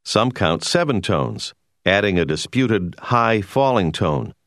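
Low-voiced guy reading a language lesson, lots of lilt, dry close sound. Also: lively intonation, fairly bright tone, no room sound. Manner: measured, explanatory. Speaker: language course narrator. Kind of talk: scripted educational narration.

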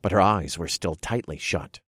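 A man narrating a first-person erotic audio story in a low, measured way. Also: a bit bright, slightly rough, no echo, clean studio sound.

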